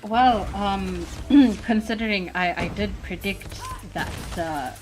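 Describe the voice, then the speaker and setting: A woman casting a live esports match, playful in banter and quick in her play-by-play calls. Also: mid-range voice, darkish tone, soft background music, low-quality recording. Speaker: esports caster.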